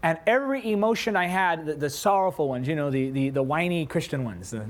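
A man preaching a sermon, telling a story in an animated way and acting out his own prayers. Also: fairly high pitch, a little fast, hardly any pauses, crowd noise, noisy background.

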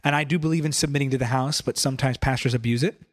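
A young man preaching a sermon, telling stories in an animated, conversational way. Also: medium pitch, rapid-fire. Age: young adult. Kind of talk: sermon storytelling.

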